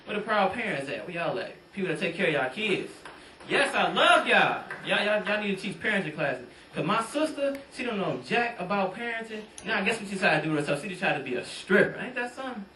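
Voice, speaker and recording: A man's voice: sits high, very animated, brisk, sharp tone, far from the mic, slight background noise. A young man from doing a stand-up comedy set, bantering loosely and talking straight to the crowd. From Detroit. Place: comedy club stage. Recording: roomy club sound, mic set back.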